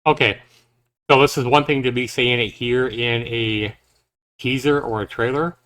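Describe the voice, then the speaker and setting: A man's voice: medium pitch, fairly even intonation, normal speed, fairly bright tone. A man giving casual live reaction commentary on a game trailer, thinking aloud in a loose, rambling way.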